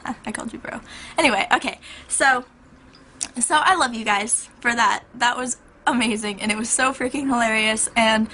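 Young woman vlogger, bright and hyper, rambling chat, slightly high voice. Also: moderate pace. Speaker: YouTuber. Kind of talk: casual vlog chat.

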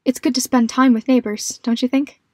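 A shy, polite young woman with a gentle, fairly high voice, played by a woman narrator. The sound is dry and close. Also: level tone, fairly quick, no room sound.

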